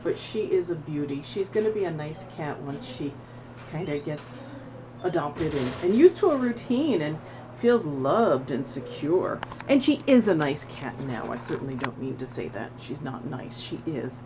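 A middle-aged woman volunteering at an animal shelter chats casually to the camera in a vlog, cooing at a cat in a high, sing-song voice and laughing often. Her pitch swings widely, she speaks unhurriedly, and the background is noisy.

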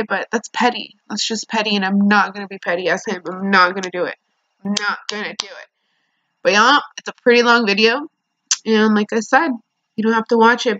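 Young woman, bright voice, angry vlog rant, swearing, dry dull phone sound. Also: medium pitch, no echo. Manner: angry venting, heavy swearing. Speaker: vlogger.

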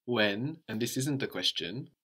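A man's voice: mid-range voice, expressive, unhurried, bright, forceful tone, slightly rough. A man teaching a language lesson, asking questions patiently and repeating his student's answers.

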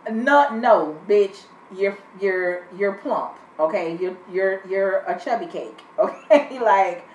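A woman's voice: medium pitch, lively intonation, takes it slowly, darkish tone, a little hiss or hum. A woman giving a blunt, sassy, profanity-filled review of a reality TV episode, laughing often. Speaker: reality TV recap vlogger. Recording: echoey room, distant mic, muffled sound.

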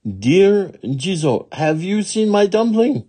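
A shrill, excitable little old woman from a storybook, put on by a man with a husky, mellow voice. She calls out high and fast-rising, swinging her voice all over the place. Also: exaggerated voice. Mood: anxious calling. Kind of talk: children's storybook reading.

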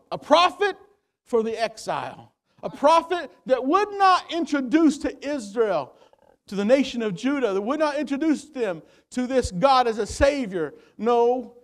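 A male pastor preaching a sermon, rising to loud emphatic peaks and dropping to quiet low passages, with repeated words as he gathers his thoughts. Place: church sanctuary.

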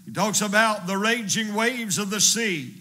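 High, bright-voiced fervent evangelist. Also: male voice, expressive, a little slow. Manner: fervent preaching, pounding repetition. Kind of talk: sermon.

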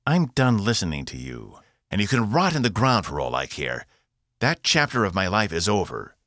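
A man's voice: on the low side, moderate pace, dry recording, clean studio sound, voice pushed up. A man reading an audiobook voices a volatile young woman pilot, defiant and then giddy. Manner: defiant, excited, rising voice.

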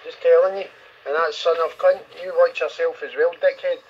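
A man's voice: on the high side, steady tone, moderate pace, breathy edge. A man acting as a channel admin in push-to-talk voice chat, blunt and scolding with plenty of swearing. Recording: dull lo-fi voice app audio with faint hiss.

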